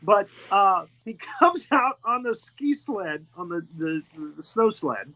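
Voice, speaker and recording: A man's voice: sits high, big pitch swings, slow pace, bright, forceful tone, rough recording. A man hosting a casual movie discussion who rambles, repeats words and laughs often. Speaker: host.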